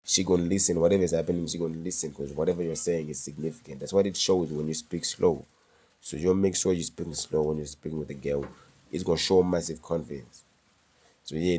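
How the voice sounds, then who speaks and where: Male vlogger, low voice, mellow tone, slangy and emphatic, casual advice delivery. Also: slightly rough. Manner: slangy, emphatic, repeats key words.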